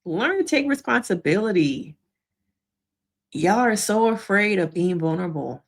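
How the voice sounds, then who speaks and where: This female therapist talks a little slowly in a mid-range voice as she gives an informal, spirited rundown of a reality show episode. She acts out what people said and laughs as she goes.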